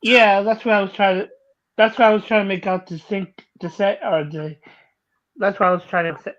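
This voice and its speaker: A woman guest on a live paranormal panel, giving soft, encouraging reactions. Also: mid-range voice, steady tone, normal speed, highs cut off. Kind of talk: casual live chat.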